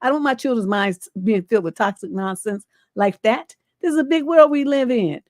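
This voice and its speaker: A woman's voice: fairly high pitch, brisk, a little mellow, no echo, clean studio sound. Blunt, forthright woman advice host. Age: middle-aged. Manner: blunt, forthright, emphatic, swears freely. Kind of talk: livestream advice talk, reading a viewer letter.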